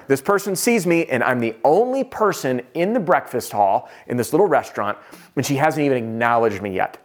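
Man, sales trainer, storytelling, animated, self-deprecating, conversational, mid pitch. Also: normal speed.

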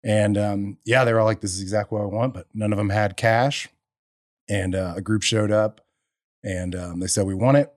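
Lively man telling a story. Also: lowish voice, moderate pace, no echo, studio quality. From Texas. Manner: animated storyteller, acts out quotes with bursts of laughter. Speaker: podcast guest, energy entrepreneur. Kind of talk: casual storytelling chat.

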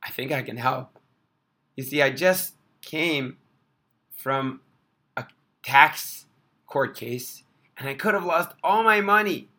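A man's voice: medium pitch, slow pace, pauses often, sharp tone. A man voicing a grateful grown man who eagerly offers help. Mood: earnest.

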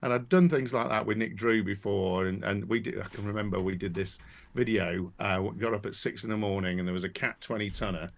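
A man, a podcast guest, telling his career story in a relaxed, rambling way with many fillers and restarts. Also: fairly low pitch, a little fast, vocal fry. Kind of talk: casual interview storytelling.

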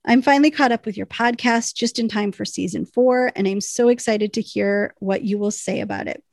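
Woman co-host, chatty letter-reader, mid pitch, dry close sound. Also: moderate pace, gravelly, a little mellow, no echo. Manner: chatty, reads letters with bursts of laughter. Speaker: podcast co-host. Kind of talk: casual chat, reading listener emails aloud.

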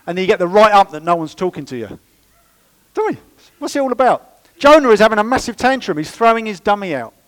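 A man delivers a sermon in church with a fairly high voice. He preaches in a lively, chatty way and drops playful asides to the congregation. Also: quick pace, poor audio. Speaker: pastor.

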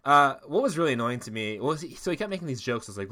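A man's voice: medium pitch, expressive, quick pace, hardly any pauses, bright, forceful tone. A man co-hosting a podcast, telling a long story in casual chat, full of fillers and laughs. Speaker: podcast co-host.

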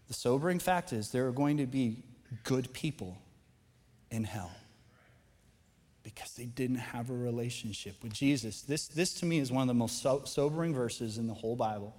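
A man preaching a sermon as pastor, talking in a conversational, animated way that builds to impassioned emphasis. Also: mid-range voice, moderate pace, long reverb tail. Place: church auditorium.

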